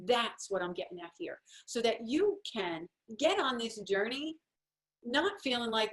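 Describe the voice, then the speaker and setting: A woman's voice: fairly high pitch, animated, normal speed, a bit bright. A woman home-organizing coach giving a chatty, encouraging talk while sharing her screen. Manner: chatty and encouraging, acts out little quoted voices.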